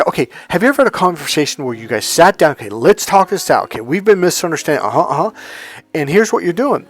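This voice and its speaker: A man talking as a dating coach, emphatic, swearing now and then and acting out the voices of people he quotes. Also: fairly high pitch. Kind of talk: coaching talk to camera.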